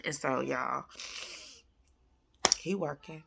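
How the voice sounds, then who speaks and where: A woman, chatting with viewers at home in a casual faith-based vlog, animated and calling them y'all. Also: low voice, a little slow, gravelly, slight background noise. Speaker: vlogger, mother. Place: at home, indoors.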